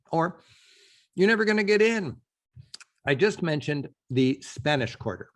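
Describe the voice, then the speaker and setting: A man hosts a travel show, talking straight to the camera in a loose, eager way. His voice has a slightly husky edge, and he circles back to hammer home his points. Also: medium pitch. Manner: enthusiastic, chatty, repeats for emphasis. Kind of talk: casual on-location talk to camera.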